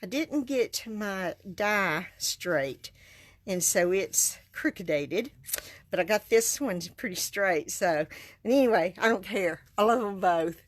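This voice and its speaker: A woman chats enthusiastically and laughs often as she runs a casual live stream demonstrating card-making. Her medium-pitched voice has lively intonation and a slow pace, with no room sound.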